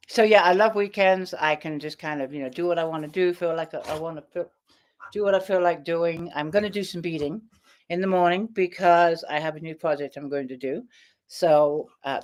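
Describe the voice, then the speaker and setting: A woman's voice: lowish voice, fairly bright tone. Chatty woman author on a live stream. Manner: chatty, keeps breaking off to talk to her dog. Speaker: author hosting a live chat. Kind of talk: casual live-stream chat. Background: dog.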